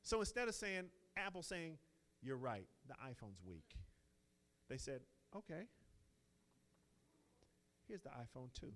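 A man preaching a sermon, swinging from slow, soft quoted prayers up to loud, exclaimed lines. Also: medium pitch, very animated.

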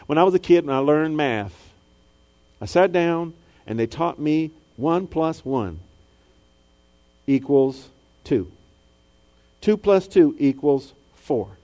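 A man preaching a sermon, dropping low and soft, then rising high and loud, and acting out the voices of people in his stories. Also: animated, slow, long pauses. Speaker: pastor.

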